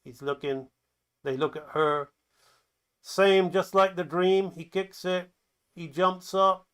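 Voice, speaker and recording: A man's voice: high-pitched, takes it slowly, clear, resonant tone. A man who teaches animation talks through his own animatic in a loose, chatty way, calling the action play by play. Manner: lively, excited commentary that acts out the scenes; loose, chatty, with fillers and restarts. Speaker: animation instructor.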